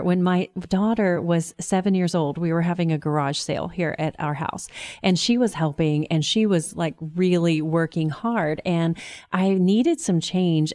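A middle-aged woman hosts a conversational faith show and tells stories with earnest feeling. Her voice sits a little low and sounds mellow and warm in tone. The sound is dry and close, with no room around it. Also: no echo. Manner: earnest, emotional storyteller. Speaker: host. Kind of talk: casual chat, storytelling.

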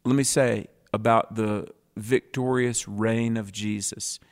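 A man's voice: lowish voice, steady tone, slow pace. A man co-hosting a Bible teaching show, reading scripture aloud and explaining it with emphatic contrasts.

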